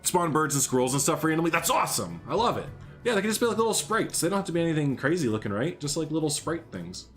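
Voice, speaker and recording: A man's voice: fairly high pitch, big pitch swings, quick pace, soft background music. A young man chatting casually on a live stream while he builds in a game, rambling, humming and greeting viewers by name.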